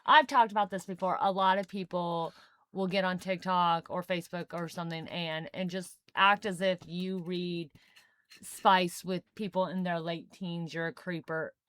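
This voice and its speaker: A woman's voice: lowish voice, steady tone, moderate pace, fairly bright tone, clear, resonant tone, no echo. A young woman co-hosting a podcast, chatting casually and laughing often. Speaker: podcast co-host. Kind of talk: casual chat.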